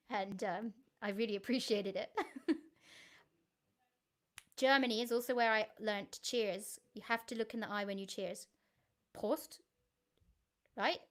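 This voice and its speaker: A woman's voice: mid-range voice, fairly even intonation, measured pace, pauses often. A woman, a singer-songwriter chatting casually to viewers on her live stream, giggly and easily sidetracked.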